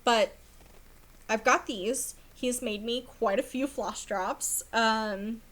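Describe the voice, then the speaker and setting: A rambling, chatty young woman talks to her camera at home in a fairly high voice. She fills her speech with ums and little laughs, and her voice is wearing thin as if she's losing it. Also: slow, fairly bright tone. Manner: chatty, rambling, laughs often, many fillers. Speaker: cross stitch vlogger. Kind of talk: casual chat.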